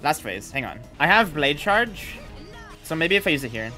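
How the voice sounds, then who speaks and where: A young man giving excited live commentary while playing a video game, swearing, yelling and laughing at the fight. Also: fairly high pitch, normal speed, soft background music. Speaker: gaming streamer.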